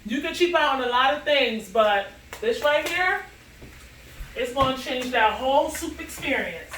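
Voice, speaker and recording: A woman's voice: sits high, lively intonation, unhurried, fairly bright tone, slight background noise. A woman cooking in her home kitchen and chatting playfully with viewers. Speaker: cooking vlogger. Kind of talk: casual cooking chat. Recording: echoey kitchen, mic at a distance, music behind.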